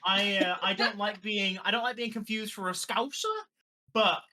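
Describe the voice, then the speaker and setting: A man's voice: sits high, fairly even intonation, moderate pace, a crowd in the background. A man with an English accent on a casual podcast, talking animatedly and often restarting his sentences. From England. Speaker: podcast co-host. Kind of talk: casual chat.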